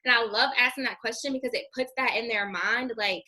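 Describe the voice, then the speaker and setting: A young woman coaching her sales team in a chatty, high-energy way, her voice bright and keen, sitting a little above the usual female pitch. She talks straight to her listeners like friends. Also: a little fast. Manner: high-energy, chatty, says "girl" and "you guys" a lot. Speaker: network marketing team trainer. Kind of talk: casual training talk.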